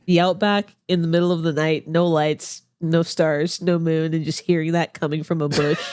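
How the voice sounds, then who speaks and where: A man's voice: on the high side, little pitch movement, moderate pace, a little mellow, clean tone, no room sound, clean studio sound. A man co-hosting a comedy podcast who drops wry one-liners in casual chat. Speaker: podcast co-host.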